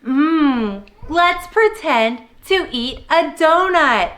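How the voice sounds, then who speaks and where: A woman's voice: sits high, sing-song, very slow, bright, forceful tone. A young woman teaching preschoolers, prompting little kids in a cheerful sing-song way. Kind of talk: children's lesson video.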